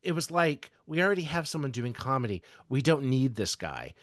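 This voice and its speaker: A man's voice: medium pitch, sing-song, a little fast, no echo, studio quality. A man from the American South co-hosting a podcast, talking casually with lots of fillers and restarts. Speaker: podcast co-host. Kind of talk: casual chat.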